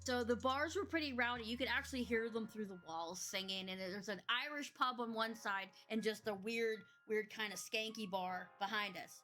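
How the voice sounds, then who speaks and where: Bright high-voiced woman co-host. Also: moderate pace, few pauses, faint music behind. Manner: reactive, laughs and exclaims, then tells her own story. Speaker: podcast co-host. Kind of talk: casual storytelling chat.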